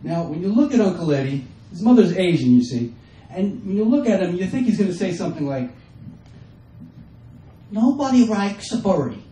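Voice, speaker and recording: A man performing a stand-up comedy set, acting out his family members in quick bits. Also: high-pitched, very animated, mellow. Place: comedy stage before a live audience. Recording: roomy, distant mic with faint ambience.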